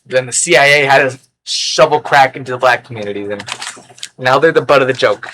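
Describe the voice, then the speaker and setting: A man rambling through an unscripted vlog in a sarcastic, erratic way, with sudden loud outbursts. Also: mid-range voice, brisk, slight background noise. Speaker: record collector vlogger.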